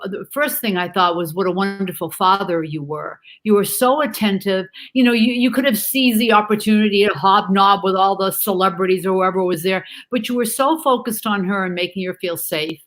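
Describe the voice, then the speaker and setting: A woman chatting as a guest over a video call from home, animated and affectionate, calling people dear and love. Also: medium pitch, normal speed, few pauses, poor audio. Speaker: guest on a livestream talk show. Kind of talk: casual video-call chat. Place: home in Canada.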